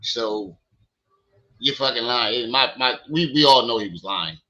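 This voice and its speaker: Male stream host, casual commentary, mocking, incredulous, very bright forceful voice, dull lo-fi audio. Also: medium pitch, unhurried. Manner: mocking, incredulous, laughing retelling.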